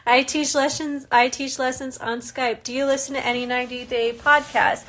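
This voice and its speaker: A young American woman with a fairly high, bright voice talks briskly with few pauses and little pitch movement. A reality show cast member, she reads viewer questions aloud during a casual live Q&A and answers them in a chatty way, laughing often.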